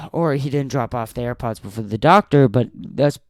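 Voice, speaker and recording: A man's voice: medium pitch, moderate pace, no room sound, clean studio sound. A young man hosting a solo podcast, telling an angry, profanity-filled story about a friend. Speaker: podcast host.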